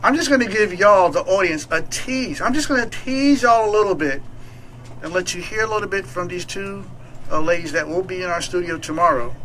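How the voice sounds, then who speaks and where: A man's voice: sits high, lively intonation, fairly quick, fairly bright tone, slight background noise, low-quality recording. A man hosting a talk radio show, chatting casually and playfully with many fillers and restarts.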